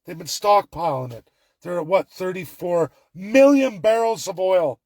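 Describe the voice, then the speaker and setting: Man, from Alberta, ranting political commentary, sarcastic and mocking, high voice, dry sound. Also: lively intonation, a little slow, a little mellow, no room sound. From Alberta, Canada.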